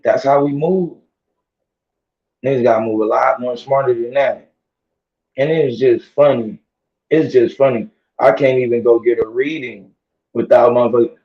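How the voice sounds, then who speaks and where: A man ranting casually to his audience in heavy slang, laughing and repeating himself, his voice strained from yelling. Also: mid-range voice, reverberant. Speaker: vlogger. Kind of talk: casual rant to camera. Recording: dull lo-fi audio.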